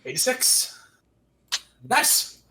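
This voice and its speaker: A man's voice: very slow, bright, forceful tone, poor audio. A man co-hosting casual gameplay commentary, joking and laughing in playful banter. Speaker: co-host.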